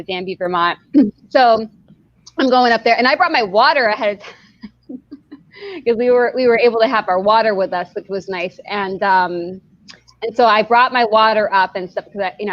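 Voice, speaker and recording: A woman's voice: mid-range voice, dry recording, dull audio. A woman hosting a podcast who tells a story casually, rambling with lots of "like" and laughter. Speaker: podcast host.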